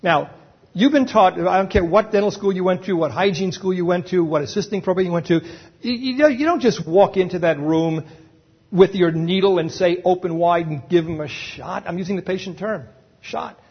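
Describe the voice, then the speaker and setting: Guy with a high husky voice lecturing dentists, keeps asking okay?, muffled old recording. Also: fairly quick. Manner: emphatic, checks in with "okay?". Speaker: dental emergency lecturer. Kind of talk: live lecture to a dental audience. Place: lecture room with an audience.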